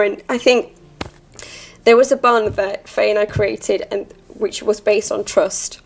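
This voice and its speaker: A woman reflects in a heartfelt, soft-spoken manner, her voice carrying a gravelly, fry-laden edge. Her pitch sits in an ordinary middle range for a woman. Faint music plays quietly behind her. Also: fairly even intonation, a little slow. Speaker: actor. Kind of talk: farewell interview reflection.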